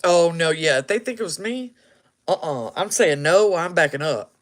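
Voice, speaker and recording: A man's voice: a little high, animated, normal speed. A man casually telling a story, laughing often and acting out what people said.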